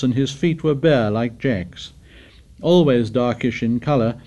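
A man narrating a novel as an audiobook, in a measured, steady literary reading. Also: mid-range voice. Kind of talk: scripted narration.

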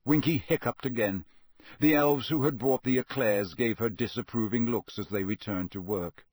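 A male narrator reading a storybook in a steady, measured way at a middle pitch. His voice is husky, and the recording is dry and close with no room around it. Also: no room sound. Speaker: audiobook narrator. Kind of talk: scripted narration.

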